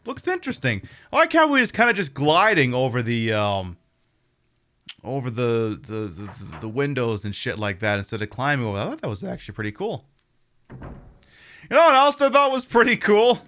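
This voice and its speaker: A man's voice: mid-range voice, very animated, moderate pace, a bit bright, soft background music. Chatty, profane drag queen streamer. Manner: chatty and profane, many fillers. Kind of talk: casual livestream chat.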